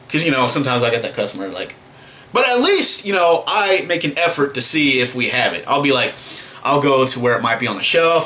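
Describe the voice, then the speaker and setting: A man's voice: medium pitch, bright, forceful tone, slight background noise. A man ranting to camera in a vlog, exasperated and profane, full of fillers and restarts. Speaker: vlogger.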